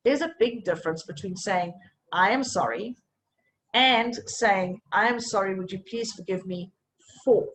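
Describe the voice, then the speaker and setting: A woman's voice: medium pitch, a little hiss or hum, rough recording. Encouraging woman coaching an online session. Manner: encouraging, repeats "okay?" to check in. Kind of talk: live online coaching talk.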